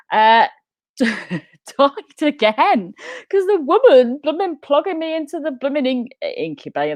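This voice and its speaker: Woman, 30s, comic storyteller, chatty and laughing, mid pitch, dry close sound. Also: no echo. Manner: chatty, laughing, self-mocking, lively pitch jumps. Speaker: guest telling her story.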